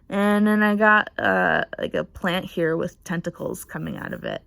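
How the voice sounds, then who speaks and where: A woman's voice: medium pitch, no echo. Rambling young woman, dry close mic. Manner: rambling, unsure, many fillers and restarts. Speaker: artist showing her sketchbook. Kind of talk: casual chat.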